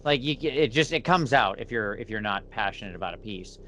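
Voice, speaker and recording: A man talking as a guest on a casual interview podcast, thoughtful and measured. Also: on the low side, animated, sharp tone, a little hiss or hum. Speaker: podcast guest, miniature painter.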